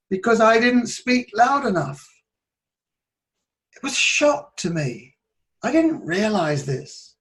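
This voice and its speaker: A man giving a reflective talk on public speaking as a coach, talking conversationally and shifting between loud and soft. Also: high voice, gravelly.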